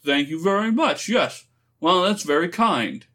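A man's voice: sits high, lively intonation, measured pace, sharp tone, voice pushed up, exaggerated voice. A man voicing a flustered middle-aged council official who is anxious and easily confused. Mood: uneasy. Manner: anxious, bluster giving way to confusion.

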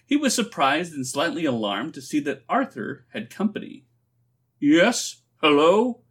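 Husky guy reading a story out loud, slow and expressive, voice goes up and down a lot. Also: fairly high pitch. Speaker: story narrator. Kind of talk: audiobook-style reading for a phone story line.

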